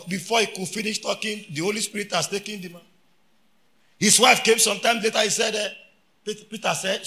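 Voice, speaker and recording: Nigerian male preacher, bright ringing tone, high pitch, shouts for emphasis. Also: a little fast, creaky. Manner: preaching with shouted emphasis and storytelling, Pidgin phrases. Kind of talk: sermon.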